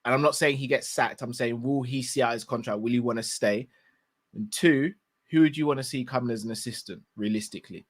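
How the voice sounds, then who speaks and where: A man co-hosting a live fan show, reading out viewer questions in a relaxed way. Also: medium pitch, a little fast. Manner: relaxed, laughing, asks questions. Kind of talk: casual live-stream chat.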